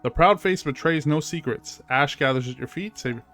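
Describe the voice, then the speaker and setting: Over soft background music, a gaming streamer talks at a moderate pace in a fairly high, fairly bright voice. He keeps his let's-play chatter casual and filler-heavy, reading the game's text aloud as he goes.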